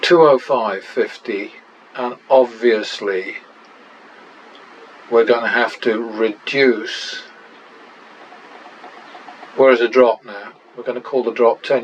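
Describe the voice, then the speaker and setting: A man's voice: mid-range voice, steady tone, takes it slowly, pauses often, highs cut off, slight background noise. A man and channel host talking through practice casino betting, muttering running tallies with wry exclamations.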